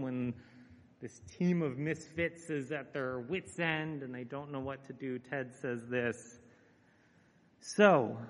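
A man preaching a conversational sermon, earnest and relaxed, with frequent "uh" fillers. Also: mid-range voice. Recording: echoey hall with long reverb.

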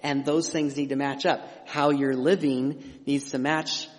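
A man's voice: mid-range voice, flat delivery, unhurried. A middle-aged man preaching a sermon as pastor, conversational and emphatic, with frequent restarts and asides. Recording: long hall reverb.

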